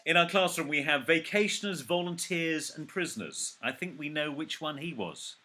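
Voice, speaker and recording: A man's voice: a little high, animated, moderate pace, bright, forceful tone. A man hosting a casual chat, with teasing, playful banter. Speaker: podcast host, trainer.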